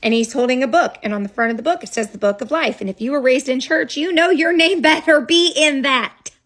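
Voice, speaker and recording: A woman's voice: high voice, a little fast. Woman telling a dramatic story. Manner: animated, dramatic storytelling with asides. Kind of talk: casual storytime.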